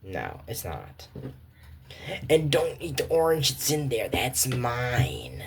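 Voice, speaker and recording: A woman's voice: a bass voice, huge pitch swings, takes it slowly, vocal fry, background noise. A woman giving rambling, digressive casual reaction commentary, often breaking off to move on to the next point. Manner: rambling, digressive, keeps saying "moving on".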